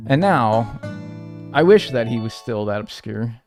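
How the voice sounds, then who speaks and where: A man's voice: high-pitched, moderate pace, no room sound. A man chatting casually and profanely while streaming a video game, rambling through stories. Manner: rambling, profane, animated storytelling with mimicked voices. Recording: faint music behind.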